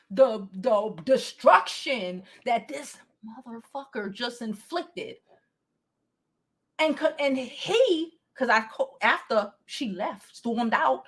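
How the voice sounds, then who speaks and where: A young adult woman hosting a gossip and advice show, chatting casually to her livestream viewers, animated, laughing often and swearing freely. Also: fairly high pitch, husky.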